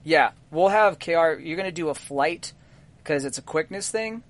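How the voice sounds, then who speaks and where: A man narrating a tabletop game as game master, unhurried and full of fillers. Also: fairly high pitch. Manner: relaxed, halting narration with many fillers.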